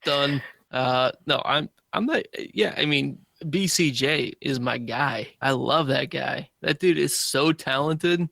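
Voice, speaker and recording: Gravelly, laughing podcast co-host man. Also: mid-range voice, takes it slowly, hardly any pauses, bright, forceful tone, dry recording, clean studio sound. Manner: enthusiastic, laughing often. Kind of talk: casual chat.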